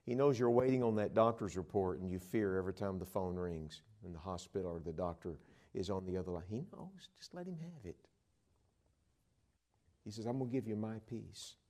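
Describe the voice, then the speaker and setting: A man preaching a sermon, telling stories and swinging between loud emphatic lines and hushed ones. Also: lowish voice.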